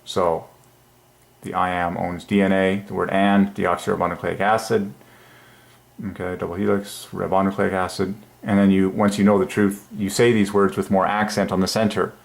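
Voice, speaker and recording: A man hosting his own channel, musing aloud at his computer in an enthusiastic, halting way with many fillers. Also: low voice, little pitch movement, creaky. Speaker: channel host. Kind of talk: religious numerology screen talk.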